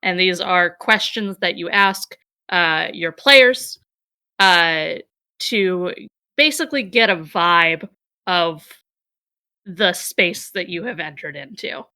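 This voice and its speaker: A woman co-host talks casually about running tabletop mysteries. She is chatty and a little self-deprecating. Her voice sits slightly low but comes across bright. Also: expressive, slow pace, smooth, dry recording. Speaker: podcast co-host. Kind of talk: casual chat.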